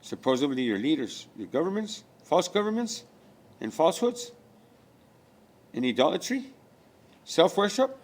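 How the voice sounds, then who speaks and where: A man's voice: on the high side, very animated, moderate pace, long pauses, darkish tone. A man delivering a rambling spiritual rant, profane and preachy, full of rhetorical questions.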